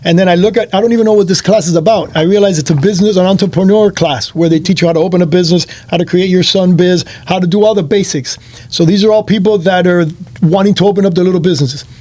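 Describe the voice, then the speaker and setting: This Miami-area host, bilingual in English and Spanish but not a native Spanish speaker, talks quickly in a high register. In a casual chat he tells a lively story, doing the voices of the people involved.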